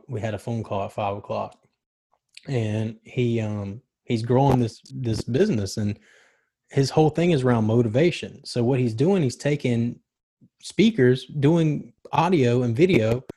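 A young man in casual chat, telling stories in a rambling, excited way with slang and swearing. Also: medium pitch, husky. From Charlotte, North Carolina area.

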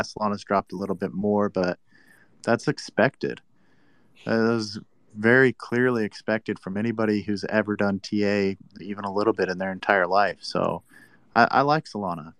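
A man's voice: lowish voice, no echo. A man talking crypto in a casual chat, combative and teasing with mock annoyance. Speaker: crypto commentator.

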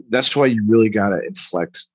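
A man's voice: on the low side, unhurried, breathy edge, dry recording. A man from Long Island, an author and veteran, talking at length in an interview, emphatic and rambling, often tagging "right?". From Long Island, New York. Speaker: author, military veteran guest. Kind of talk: conversational interview.

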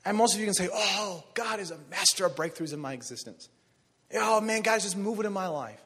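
A man preaching a sermon, animated, acting out voices of biblical figures. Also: high-pitched, fairly quick, in a large hall. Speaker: pastor.

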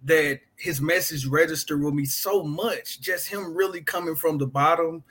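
A man with a fairly high voice talks earnestly. He halts often and restarts his sentences, in an easy conversational tone. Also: a bit bright. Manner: earnest, halting, many restarts. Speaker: guest. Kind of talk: casual conversation.

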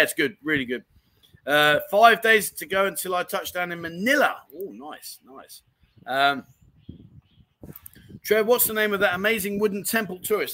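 A man's voice: on the high side, bright, forceful tone, low-quality recording. A man hosting a casual livestream chat show, reading out viewer comments and rambling with easy laughter. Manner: chatty, rambling, laughs easily.

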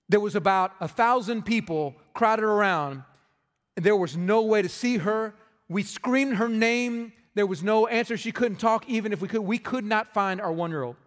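A man in his thirties, a pastor preaching a sermon, impassioned and rising to loud emphatic peaks. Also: high voice. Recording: long reverb of a large hall.

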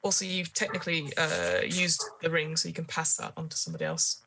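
A woman game master narrates a tabletop role-playing game. Her voice is fairly low, and she builds each scene with hesitant, filler-laden description. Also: very animated, fairly quick, creaky, sharp tone, slight background noise, low-quality recording.

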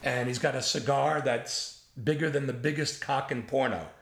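A man's voice: medium pitch, moderate pace, creaky, echoey room. A man in his seventies, a comedy writer, telling casual anecdotes with imitations and frank swearing. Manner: lively storyteller who imitates others and swears freely.

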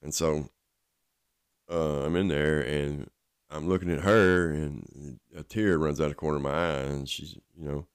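A man with an extremely low, rumbling voice tells a personal story in a loose, rambling way, with plenty of filler words. The sound is dry and close, with no room around it. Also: steady tone, normal speed, clear, resonant tone, no room sound. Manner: rambling, casual, full of fillers. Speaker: recovering addict telling his story.

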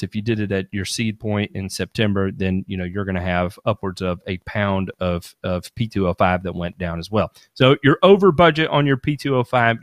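A man's voice: lowish voice, a bit bright, dry recording, clean studio sound. A man hosting a podcast, explaining in casual, rambling talk full of restarts. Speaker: podcast host. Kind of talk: casual expert chat.

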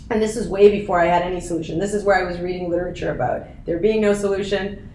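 Her voice is on the low side and darkish, her intonation fairly even, and her pace quick. A podcast guest in her thirties, she recounts her story in a casual interview chat, earnest and emotional, laughing at times. The recording picks up echo and faint noise.

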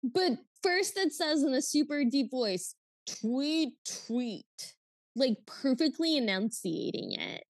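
A woman co-hosting a podcast in casual chat, animated and exasperated as she recaps something. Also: high-pitched, a little slow, hardly any pauses, no room sound. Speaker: podcast co-host.

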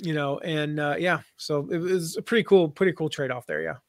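A man talks as a podcast guest, telling stories and laying out his points in a loose, chatty way. His voice sits a little high. The sound is dry and close, with no room echo. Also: fairly quick. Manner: chatty storyteller, slips into playful put-on voices. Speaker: guest, affiliate marketing expert. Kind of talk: conversational podcast interview.

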